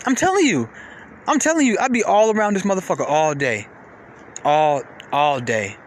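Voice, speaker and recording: A man hosting a podcast, ranting casually in a profane, repetitive way, with sudden jumps in pitch. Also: animated, normal speed, a little hiss or hum. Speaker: podcast host. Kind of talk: casual rant.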